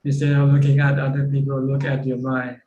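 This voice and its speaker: A man, a meditation teacher, calmly explaining and answering questions on a video call. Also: mid-range voice, a little fast, roomy sound, lo-fi sound. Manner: calm, explanatory, repeats phrases.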